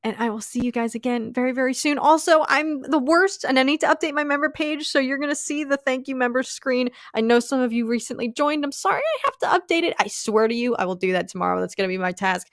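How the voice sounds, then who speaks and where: A young livestream host with a voice on the high side laughs often, gushes her thanks to viewers, and wanders through filler-heavy rambles. The sound is dry and studio-clean.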